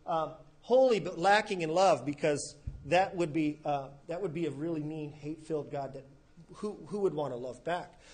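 Male pastor with a higher-pitched voice, delivering a casual, story-driven sermon. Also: darkish tone. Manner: conversational storytelling, acts out quoted characters casually.

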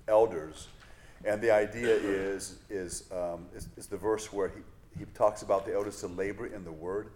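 A male pastor teaching a Bible study in a relaxed, conversational way, wandering into self-deprecating asides. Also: lowish voice, a little hiss or hum. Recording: echoey room.

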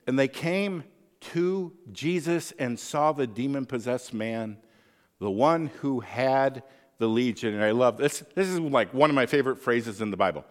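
A man's voice: mid-range voice, expressive, a little slow, big-room sound. A man preaching a sermon as pastor, conversational, often checking in with the listeners with tag questions.

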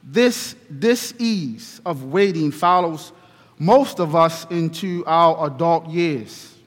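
Male pastor, sermon, unhurried storyteller; high voice, long church echo. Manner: slow, deliberate storytelling. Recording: reverberant hall.

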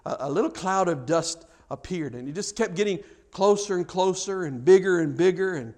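A man's voice: high voice, normal speed, a little mellow. A man preaching a sermon, telling a story with acted-out dialogue and frequent stammered repeats.

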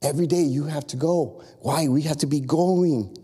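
A lively pastor urging his church on with repeated calls and quick asides, in a fairly high but mellow voice. His words ring through a large sanctuary with a long echo. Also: slightly rough. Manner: animated, repetitive exhortation with asides. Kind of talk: sermon.

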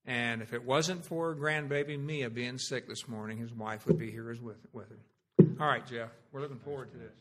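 A man's voice: mid-range voice, normal speed, noisy background. A man, the pastor, introducing a guest preacher to his church in a friendly, informal way. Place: church sanctuary.

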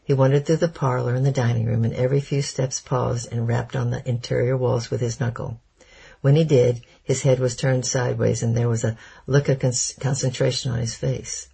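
A man narrating a chapter of an audiobook in a steady, measured storytelling manner. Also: medium pitch, vocal fry, husky. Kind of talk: scripted narration.

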